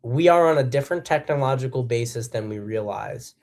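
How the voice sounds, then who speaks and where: Guy ranting solo about politics, blunt and sweary, mid-pitched voice. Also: lively intonation, a little fast, darkish tone. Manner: blunt and profane, with emphatic bursts; acts out quotes in a harsh voice. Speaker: political commentary host.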